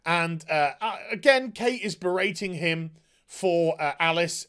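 A man's voice: a little high, a little slow, fairly bright tone, clear, resonant tone. A man reviewing a TV episode in a sarcastic, exasperated rant, swearing freely. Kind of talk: ranting show review.

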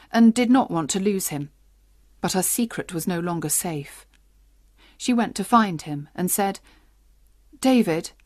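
Steady woman storybook narrator. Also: fairly low pitch, no echo, studio quality. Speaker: audiobook narrator. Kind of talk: graded-reader narration for learners.

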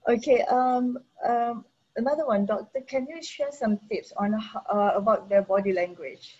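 A woman moderating an online workshop, asking halting, hesitant questions. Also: a little high, a little mellow, breathy edge. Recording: dull lo-fi call audio.

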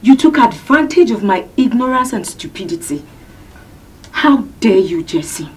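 An actress playing a jealous young woman with a Nigerian accent, sharp and accusing. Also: high-pitched, very animated, moderate pace.

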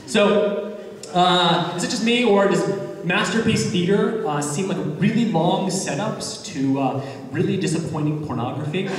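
A young man in his twenties works through a stand-up set, his high voice bouncing around a big, reverberant room. He tells awkward, rambling stories that land on crude punchlines, and he sounds picked up from some distance away. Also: measured pace. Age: 20s. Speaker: stand-up comedian. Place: comedy venue with a live audience. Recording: echoey hall, mic heard from far off.

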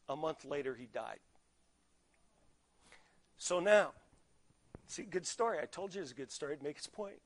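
Man, pastor, storytelling sermon, higher voice, acts out quotes. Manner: animated, acts out quoted dialogue.

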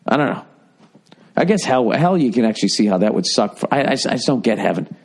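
A man's voice: medium pitch, very animated, fast talker, creaky, breathy edge. A middle-aged man hosting a comedy podcast, ranting with lots of swearing and slipping into mocking voices. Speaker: podcast host.

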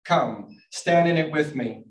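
A man voicing a stubborn male turtle in a picture book, speaking plain lines loudly without much expression. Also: a little high, measured pace, pitched above the performer's own voice, close to an everyday voice. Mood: contented. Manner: flat loud dialogue delivery, little expression. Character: stubborn male turtle guarding his spot. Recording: roomy distant mic.

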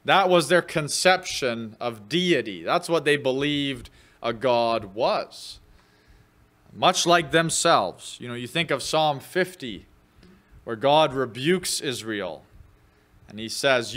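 Slow-spoken man preaching a sermon. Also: mid-range voice, animated, a bit bright. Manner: conversational teaching with fillers, raises voice for quoted scripture. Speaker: pastor. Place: church.

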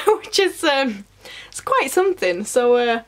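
A woman's voice: sits high, big pitch swings, slow pace, fairly bright tone. A woman chatting casually about books in a vlog, enthusiastic and full of asides. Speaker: book vlogger. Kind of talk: casual chat.

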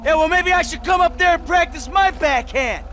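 An actor playing a hot-tempered middle-aged ex-criminal in a video game, sarcastic and explosive. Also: male voice, extremely high pitch, moderate pace. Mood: angry. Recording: game audio with loud noise.

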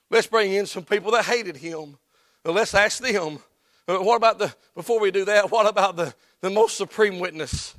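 A man preaching a sermon as pastor, folksy and plain-spoken, building up to shouts in church. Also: sits high, normal speed, no echo. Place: church sanctuary.

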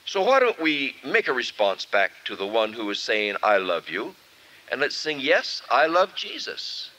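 Expressive male preacher on old tape. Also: fairly low pitch. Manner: expressive, leads singing, animated pauses. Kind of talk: sermon with congregational singing. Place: camp meeting hall. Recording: dull lo-fi 1970s tape with faint music.

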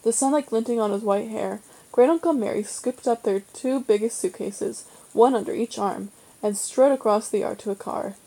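A woman reading a children's novel aloud in a steady, measured storytelling manner. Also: a little high, vocal fry, poor audio. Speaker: reader.

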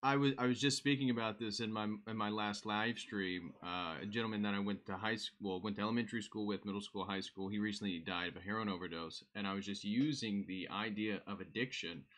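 Male host, lowish voice, earnest and reflective in conversation. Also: steady tone, brisk, few pauses, a bit bright. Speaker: livestream host. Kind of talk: casual conversation.

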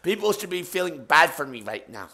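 A man's voice: fairly high pitch, very animated, fairly quick, sharp tone, slightly rough. A man hosting a comedic painting stream, talking in a stammering, overwrought way. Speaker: stream host.

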